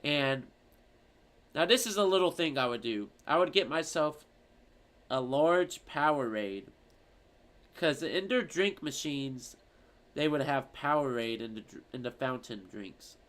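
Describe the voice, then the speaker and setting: A man streaming, chatting casually and reading out viewer comments in an animated, rambling, profane way. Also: a little high, a little slow.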